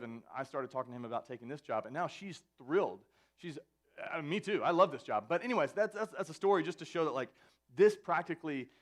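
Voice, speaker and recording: Young pastor preaching casually. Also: male voice, medium pitch. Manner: conversational, self-interrupting, jokey asides. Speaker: student ministry pastor. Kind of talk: sermon to youth, anecdotal. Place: church venue, live service.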